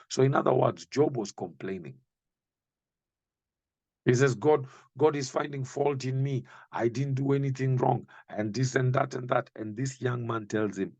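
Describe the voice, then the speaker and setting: A man preaching a sermon, reading and explaining Bible verses slowly and emphatically, speaking directly to the listener. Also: mid-range voice, gravelly, a little mellow, no echo.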